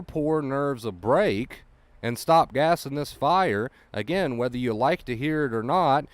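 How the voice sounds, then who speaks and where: A man's voice: medium pitch, no echo. A man coaching anxious listeners in a blunt, profane monologue. He drives home each point by repeating it. His voice sits in an ordinary middle range, recorded dry and close. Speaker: anxiety recovery coach.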